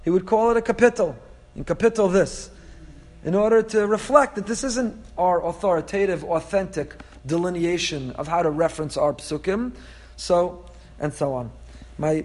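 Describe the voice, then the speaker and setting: A man lecturing as a rabbi in a Torah class, animated and explanatory, weaving in Hebrew terms. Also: on the high side.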